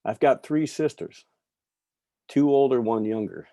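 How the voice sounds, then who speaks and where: A middle-aged man from New York giving a candid personal recovery talk, telling stories with soft asides. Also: mid-range voice, a little slow, dry recording. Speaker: recovery speaker.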